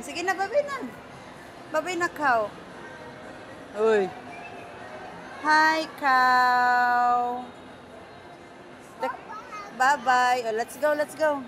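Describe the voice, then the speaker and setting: A woman's voice: high voice, fairly bright tone, slight background noise. A woman with a Filipino accent talking to her small child in a coaxing, sing-song way, recorded outdoors. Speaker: mother. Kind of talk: talking to a toddler.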